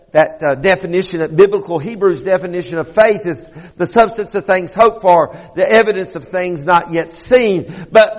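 A man's voice: high voice, big-room sound. A man preaching a sermon, earnest and often repeating himself as he builds a point. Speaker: pastor.

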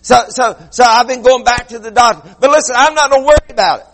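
A man preaching a sermon as pastor, swinging between loud quick bursts and low slow passages. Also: long reverb tail.

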